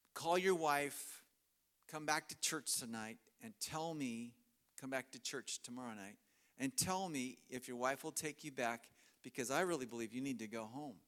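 A man's voice: mid-range voice, measured pace, a bit bright. Chuckling storytelling male preacher. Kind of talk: sermon. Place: church.

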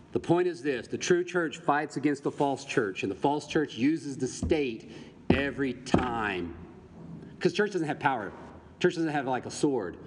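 Preaching man in a reverberant church. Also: medium pitch. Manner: preaching with rhetorical questions to the congregation. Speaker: pastor. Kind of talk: sermon. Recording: long reverb, faint background noise.

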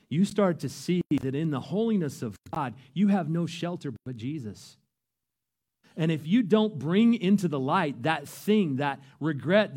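A man preaching a sermon, earnest and emphatic, his voice rising to loud peaks. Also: fairly high pitch. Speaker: pastor.

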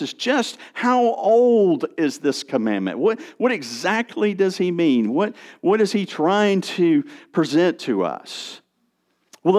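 A man preaching a sermon as pastor, speaking with strong emphasis and occasional restarts. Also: on the high side. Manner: expressive preaching with rising and falling emphasis, some restarts.

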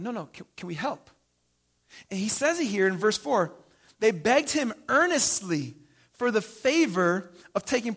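A man preaching a sermon, casual and animated, telling stories and acting out the people in them. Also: high voice, vocal fry. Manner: casual, animated storytelling with acted asides. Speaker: pastor.

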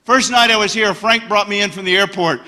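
A middle-aged man preaching a passionate sermon as a guest speaker, telling stories and swinging to loud bursts. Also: sits high, brisk. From United States. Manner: passionate, storytelling, bursts of shouting. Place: church hall. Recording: church hall reverb.

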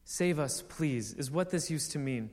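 A young man preaching a sermon in a conversational way, with many fillers, building to excited exclamations. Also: on the high side, a little slow, long reverb tail.

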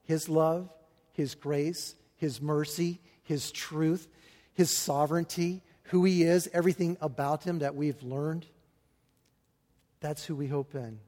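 Earnest higher-voiced preacher in a reverberant hall. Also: male voice, steady tone, dark tone. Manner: earnest, halting with repeated restarts and fillers. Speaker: pastor. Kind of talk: sermon.

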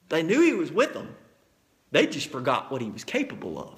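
A man preaching a sermon, telling Bible stories with lively acted-out scenes and plain, folksy asides. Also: fairly high pitch, fairly quick. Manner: animated storytelling, acts out scenes.

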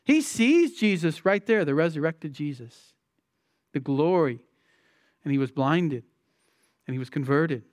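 Guy preaching a sermon, pretty high voice, keeps repeating himself for emphasis, dry close sound. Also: animated, unhurried, pauses often, a little mellow, no echo. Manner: emphatic, repeats key phrases, asks rhetorical questions. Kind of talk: expository sermon.

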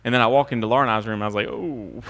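A middle-aged man preaching a sermon in a church, dropping to quiet asides and rising to loud mocking impressions. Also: medium pitch, clear, resonant tone. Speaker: pastor. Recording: long hall reverb.

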